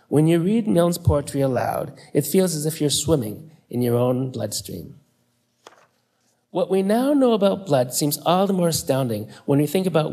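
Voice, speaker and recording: A man giving a public lecture, reading in a measured, deliberate way with dramatic pauses. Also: medium pitch, a little mellow. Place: lecture hall.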